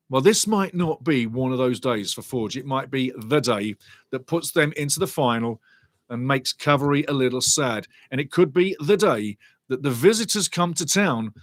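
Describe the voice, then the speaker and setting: A man's voice: medium pitch, no echo. A man hosting a live football watchalong, talking in an enthusiastic, chatty way and often repeating himself for emphasis. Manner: enthusiastic, repetitive, chatty, addresses the chat directly. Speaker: watchalong host. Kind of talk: live pre-match football commentary.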